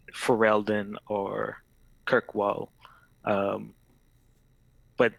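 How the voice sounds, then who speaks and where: Slow, low male player, hesitant, dry close recording. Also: gravelly, no room sound, low-quality recording. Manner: hesitant, with many fillers. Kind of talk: narrating a tabletop audition game.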